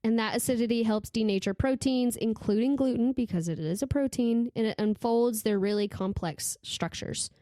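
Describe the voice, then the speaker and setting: A woman's voice: fairly high pitch, normal speed, hardly any pauses, no room sound, studio quality. A young adult woman hosting a casual podcast, explaining food facts with passion and frequent laughter. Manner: animated, laughing, fired-up explainer. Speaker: podcast host.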